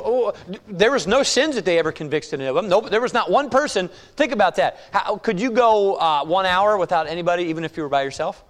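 Preaching man in a reverberant hall. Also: sits high. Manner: reads scripture slowly, then preaches with rising emphasis and rhetorical questions. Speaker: pastor. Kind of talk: sermon.

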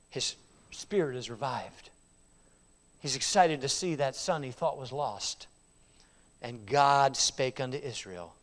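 A man preaching a sermon, retelling a scripture story with dramatic swings between loud, raised delivery and hushed, quiet lines. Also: mid-range voice. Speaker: pastor. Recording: reverberant hall.

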